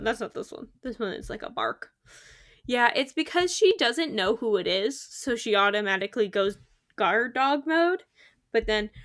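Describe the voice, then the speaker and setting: A young woman with a fairly high, somewhat bright voice chats casually while playing a game on a live stream. She's talkative and often laughs at her own remarks.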